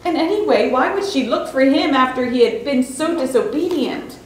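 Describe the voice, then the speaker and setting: A woman reading a suspenseful children's story aloud in a church, with expressive storytelling. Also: high-pitched, normal speed, a little hiss or hum. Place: church sanctuary. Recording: very echoey hall, distant mic.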